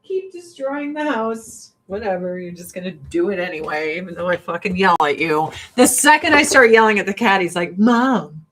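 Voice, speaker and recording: A woman's voice: lowish voice, a little fast, hardly any pauses, a bit bright. A woman from rural Illinois hosting a casual get-ready-with-me vlog, blunt, swearing freely and laughing often. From rural Illinois, US Midwest. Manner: blunt, profane and chatty, with frequent laughs. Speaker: vlogger and host.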